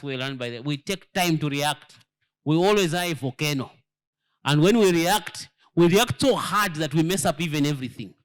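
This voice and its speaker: Man, church elder, sermon-style lesson, fairly high voice, emphatic rhetorical questions, stumbling repeats. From Zambia. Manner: emphatic, rhetorical questions to the audience, repeats words while searching.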